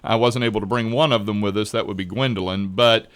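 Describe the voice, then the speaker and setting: Smooth-voiced man explaining a play. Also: on the low side, steady tone, fast talker, fairly bright tone, no room sound. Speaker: drama teacher and director. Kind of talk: radio interview.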